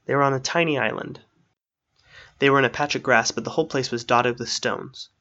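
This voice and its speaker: A man narrating a fantasy story aloud in a steady storytelling manner. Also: mid-range voice, a little fast, muffled recording.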